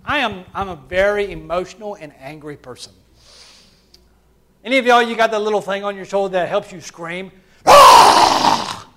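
A man preaching a sermon to his church, swinging between loud, fervent passages and quiet, hushed ones. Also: high voice, a little fast, noisy background. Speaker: pastor.

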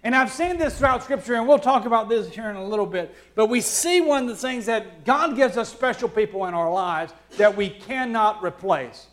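Male pastor, Alabama drawl, high-pitched, dynamic sermon delivery with big swings in volume. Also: expressive, moderate pace, hardly any pauses. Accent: Southern US, Alabama. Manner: swings between loud preaching and hushed, low asides.

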